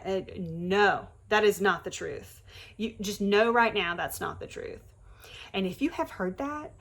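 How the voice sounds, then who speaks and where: A woman's voice: mid-range voice, lively intonation, takes it slowly, pauses often, a bit bright, husky. Earnest woman sharing her faith. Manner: earnest, emphatic, conversational with many fillers and restarts. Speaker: faith vlogger on pregnancy loss. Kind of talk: heartfelt direct-to-camera talk.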